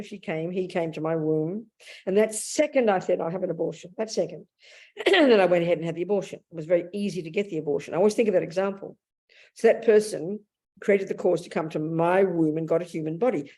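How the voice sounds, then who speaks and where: A fast-talking woman in her seventies with a lowish, mellow voice teaches a dharma talk as a Buddhist nun. She is frank and plain in her speech, repeatedly restarts her sentences, and vividly performs inner monologue.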